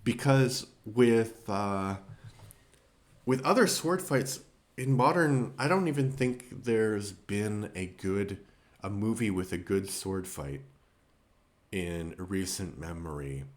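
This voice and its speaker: A man talks through his thoughts on a classic film in a loose, conversational way. His voice sits a little on the low side, and he often circles back, restarts sentences and fills pauses as he goes. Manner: rambling, thinks aloud with fillers and restarts. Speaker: film reviewer. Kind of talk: casual spoken film review.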